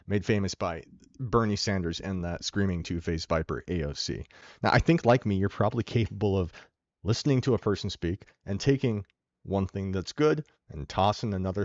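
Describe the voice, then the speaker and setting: A man's voice: on the low side, no room sound. A man hosting a podcast, delivering a sarcastic, opinionated political monologue with emphatic stresses. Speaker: podcast host. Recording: dull lo-fi dry recording.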